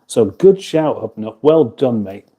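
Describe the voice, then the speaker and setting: A man's voice: mid-range voice, very animated, unhurried, mellow, breathy edge. A man hosting a casual kitchen livestream, chatting loosely and reading out viewer comments, often chuckling and breaking off his own sentences. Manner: rambling, chuckling, self-interrupting. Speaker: livestream host. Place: home kitchen.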